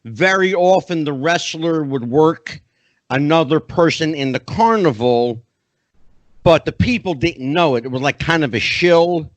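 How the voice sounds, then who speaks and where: A middle-aged man hosts an interview podcast, talking in a chatty, animated way and building up to his questions at length. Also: a little high, unhurried, no room sound. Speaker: podcast host. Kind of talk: conversational interview hosting.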